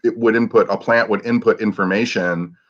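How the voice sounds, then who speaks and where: A man co-hosts a casual chat in a somewhat low voice, thinking aloud and telling a story. He sounds tentative and musing. The recording is dull and lo-fi. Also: fairly even intonation, fairly quick.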